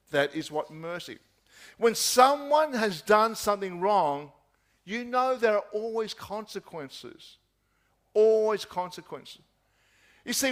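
A man preaching a sermon at an unhurried pace, his voice sitting high for a man. He leans on rhetorical questions and repeats them. He lets the ends of his points fall away quietly. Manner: rhetorical questions, repeating phrases, dropping soft at key points.

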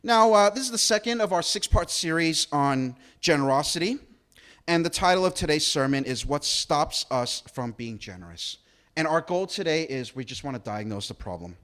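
Brief: male pastor, chatty sermon delivery, fairly high voice with a wide, lively pitch range. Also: moderate pace. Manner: conversational, acts out quotes, rhetorical questions.

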